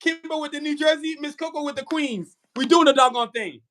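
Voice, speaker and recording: A man's voice: very high-pitched, fairly quick, a bit bright. A man hosting a casual podcast interview, talking in hyped, streetwise banter. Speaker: podcast host.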